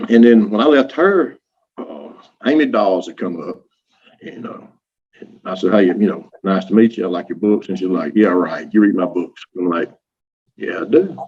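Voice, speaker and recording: A man from Louisiana with a Southern accent and a low, husky voice talks at normal speed with lively intonation. As an interview guest telling casual stories, he acts out what people said and laughs often, on dull lo-fi audio.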